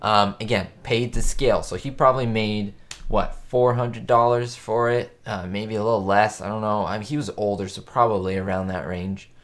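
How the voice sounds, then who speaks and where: A man's voice: fairly low pitch, fairly even intonation, moderate pace. A young man hosting a casual live stream, answering viewer questions with chatty enthusiasm. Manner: chatty, enthusiastic, quotes show lines in put-on voices. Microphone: webcam or desk mic.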